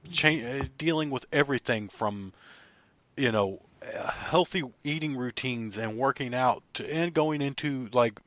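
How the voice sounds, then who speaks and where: A man's voice: mid-range voice, dry recording. Man telling stories on a podcast. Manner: animated storytelling, frequent laughter. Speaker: podcast co-host and producer. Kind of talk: casual podcast chat.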